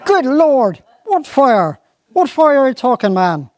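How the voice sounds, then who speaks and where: A performer doing a blustering, outraged posh squire. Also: male voice, high voice, very animated, moderate pace, a little mellow, a faint crowd, pitched above the performer's own voice. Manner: blustering, increasingly outraged questions. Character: posh, hot-tempered upper-class country squire.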